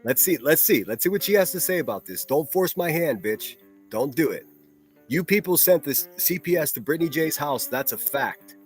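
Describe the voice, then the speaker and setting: A man's voice: on the high side, expressive, normal speed, husky, soft background music. A man hosting a solo livestream, ranting in a profane, mocking and combative way. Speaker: livestream host.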